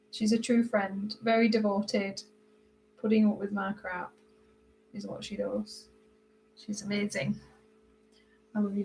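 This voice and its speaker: On a casual live stream, a British woman colors while greeting viewers by name and answering comments, her mid-range voice often trailing quieter in concentration. The recording is rough.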